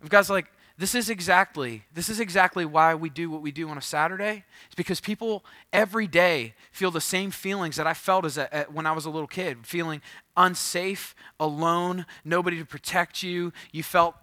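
A man's voice: a little high, moderate pace, no room sound. A man in his thirties, a pastor telling a funny, self-deprecating story in a sermon. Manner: humorous, self-deprecating, bursts into loud acted quotes.

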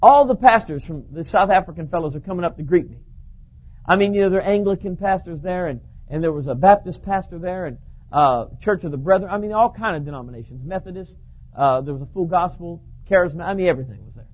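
Guy preaching a sermon, high voice, animated storytelling, kinda muffled recording. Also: fast. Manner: storytelling, repeats himself, animated. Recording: dull lo-fi recording.

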